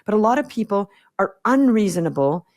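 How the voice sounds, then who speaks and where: A woman's voice: medium pitch, sing-song, a little fast, a little mellow. Blunt, direct woman coach. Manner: blunt, direct, acts out quoted exchanges. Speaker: guest business coach. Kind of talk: podcast interview conversation.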